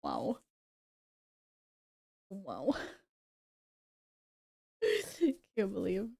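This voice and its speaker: A woman streamer chatting casually with her viewers, chatty and quick to apologize and giggle. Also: medium pitch, fairly even intonation, gravelly, a little mellow. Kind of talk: casual live-stream chat.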